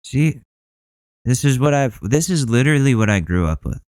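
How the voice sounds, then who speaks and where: A man's voice: medium pitch, very animated, normal speed, darkish tone, dry recording. A male podcast host ranting heatedly in profane commentary.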